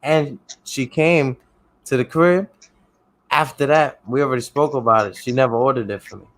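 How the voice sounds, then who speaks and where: A man's voice: medium pitch, moderate pace, poor audio. Laid-back man telling a story. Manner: laid-back, keeps checking in with the listener. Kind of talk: casual chat.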